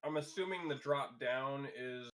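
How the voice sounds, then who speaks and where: A man's voice: medium pitch, unhurried. A man playing in a tabletop role-playing game, speaking hesitantly with many fillers. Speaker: player.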